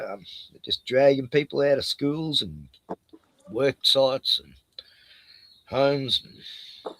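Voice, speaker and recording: A man's voice: medium pitch, creaky, bright, forceful tone, no echo. A man with an Australian accent, talking bluntly and heatedly in a casual chat, laughing at his own points. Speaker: podcast host.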